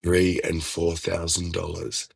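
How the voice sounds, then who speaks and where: Man, casual chat, relaxed and swearing, unhurried, dry sound. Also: low-pitched, gravelly, breathy edge, no room sound. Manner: relaxed, profane, laughs often.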